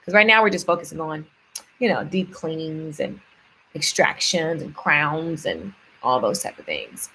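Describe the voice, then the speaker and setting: A woman's voice: sits low, animated, measured pace, pushed and bright, a little hiss or hum. A woman, talking casually and upbeat in a motivational vlog, reciting affirmations and chatting with her viewers, often repeating words for emphasis. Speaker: vlogger.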